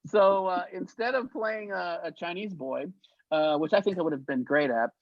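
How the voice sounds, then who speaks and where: A man telling show-business stories as an interview guest, in a lively way, acting out the voices he quotes. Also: high-pitched, moderate pace, dry recording. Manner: animated anecdotes, acts out quoted voices, laughs often. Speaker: guest, actor and effects artist. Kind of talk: casual storytelling interview. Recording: dull, lo-fi sound.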